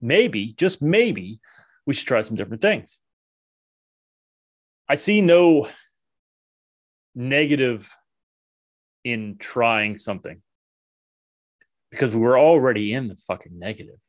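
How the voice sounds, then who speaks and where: A man's voice: medium pitch, expressive, slow, pauses often. A man in an unscripted monologue, blunt and earnest, swearing often and restarting his sentences, owning that he is no expert. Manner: earnest, self-deprecating. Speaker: men's self-help vlogger.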